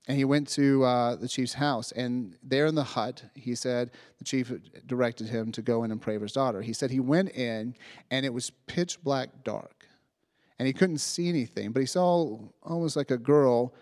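Male youth preacher, mid pitch, dry close sound, animated storytelling sermon. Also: no room sound. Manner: animated retelling, acting out voices, frequent "right?".

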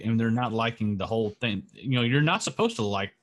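A man's voice: on the low side, lively intonation, quick pace. An American man co-hosting a casual podcast, rambling with many fillers. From United States. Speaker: podcast co-host. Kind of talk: casual chat.

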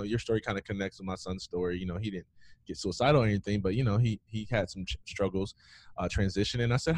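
A man's voice: lowish voice, fast talker, a little mellow, a little hiss or hum. A man in his thirties, a former athlete, telling his story in a casual interview with many "man" and "um" fillers. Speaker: guest, former athlete and founder.

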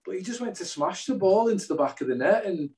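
A man's voice: sits high, lively intonation, quick pace, a little mellow. A man, a co-host who keeps things chatty and jokey in a football chat. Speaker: podcast co-host.

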